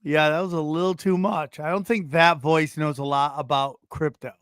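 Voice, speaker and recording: Podcast host, male, a little high-pitched, jokey, dry sound. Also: fairly even intonation, moderate pace, fairly bright tone, clean tone, dry recording. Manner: teasing, jokey. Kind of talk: casual podcast chat.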